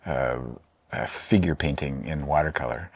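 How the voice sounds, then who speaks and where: A man's voice: rumbling low, normal speed, no room sound. A man, an artist being interviewed, talking casually in a rambling, hesitant way with many fillers and restarts. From Oregon, USA. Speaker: artist and painter.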